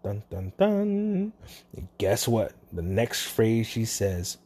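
A lively vlogger tells a store story in a casual, chatty way. The voice jumps around a lot in pitch, dropping to low asides and then shooting up for punchlines, all in a steady middle register. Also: takes it slowly, slightly rough. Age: adult, parent. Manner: animated, swings between mutters and exclaims.

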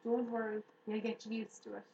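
A woman's voice: on the high side, level tone, moderate pace, vocal fry, dark tone, muffled recording. A surly, smug male rat, as a woman reads him, boasting in a sour tone. Recorded in a slightly echoey room with faint hiss.

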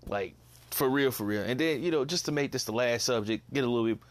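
A man's voice: mid-range voice, fast. A young man hosting a casual solo podcast, ranting bluntly, swearing and repeating himself in disbelief. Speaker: podcast host.

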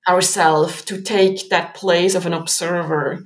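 A woman's voice: fairly low pitch, fairly even intonation, a little slow, a little hiss or hum. A woman guest author in an interview, talking animatedly, acting out inner voices, with frequent fillers. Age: adult with three kids. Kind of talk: conversational interview.

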